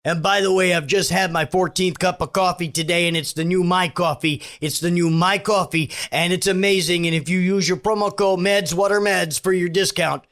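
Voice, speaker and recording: A man impersonating an unhinged, rambling pillow-selling conspiracy pitchman with a put-on Minnesota accent. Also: steady tone, moderate pace, hardly any pauses, a bit bright. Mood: manic.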